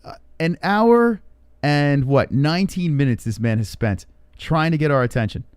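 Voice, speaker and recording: A man's voice: fairly high pitch, lively intonation, moderate pace, smooth, no room sound, studio quality. A man hosting a casual livestream podcast, joking and teasing with banter. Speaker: podcast host.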